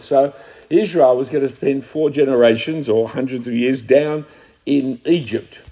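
A man's voice: medium pitch, dark tone, slightly rough. A man preaching a conversational sermon, teaching from scripture and asking his listeners questions.

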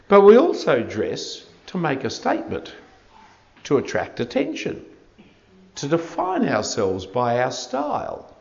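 A man's voice: mid-range voice, vocal fry, darkish tone. A man preaching a sermon verse by verse, with wry, dryly humorous asides. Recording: dull lo-fi recording.

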